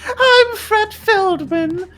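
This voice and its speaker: A woman voicing a showy male centaur who gives a shrill, screeching impression in a high-pitched voice. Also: very slow, bright, forceful tone, faint music behind, heavily acted. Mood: bellowing, shrill.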